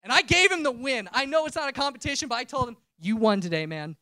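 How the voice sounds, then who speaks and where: Male preacher sharing a testimony, animated and chatty, dry close sound. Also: extremely high pitch, quick pace, no room sound. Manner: conversational storytelling, self-interrupting. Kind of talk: personal testimony sermon.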